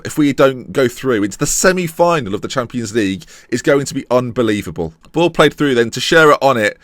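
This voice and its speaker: A man giving excited, breathless play-by-play commentary over a football management game as a YouTuber. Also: medium pitch, quick pace, few pauses, no room sound, clean studio sound. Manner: animated, breathless play-by-play with exclamations. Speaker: gaming YouTuber.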